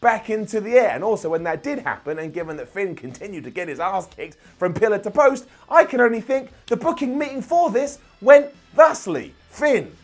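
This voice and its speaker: Animated, high-pitched sarcastic man. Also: a little fast, hardly any pauses. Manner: sarcastic, animated, jokey asides. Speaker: wrestling show reviewer. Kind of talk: opinionated recap commentary. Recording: light background music.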